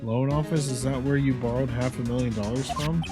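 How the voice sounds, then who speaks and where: Man reading a young lawyer, dry, sarcastic, ordinary pitch, game music loud behind. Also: steady tone, brisk, close to an everyday voice. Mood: curious. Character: young wry male defense attorney.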